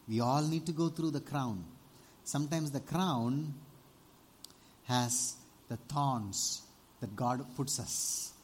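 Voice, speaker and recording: A man preaching a sermon, animated, often asking the congregation for amens and rising to loud exclamations. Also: mid-range voice, slow pace, long pauses, a little hiss or hum. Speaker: pastor.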